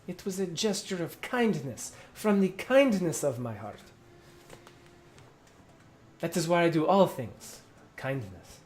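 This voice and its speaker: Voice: medium pitch, lively intonation, slow pace, long pauses, a little mellow, voice pushed up. A game master voicing a boastful, scheming male ship captain with a grand, self-praising manner. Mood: self-justifying.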